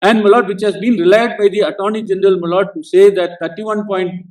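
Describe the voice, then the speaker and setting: A man's voice: high-pitched, fairly even intonation, fairly quick, a little mellow. A man with an Indian English accent arguing a case before a court, addressing the bench as Lord at almost every phrase, in an insistent courtroom manner. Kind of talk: courtroom legal argument. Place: large courtroom. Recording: echoey courtroom sound from a distance.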